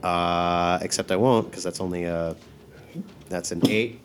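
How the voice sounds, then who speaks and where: A man playing a tabletop game, quick to exclaim and joke. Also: sits low, slight background noise. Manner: lively, quick to exclaim and laugh. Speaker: player. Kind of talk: casual tabletop play.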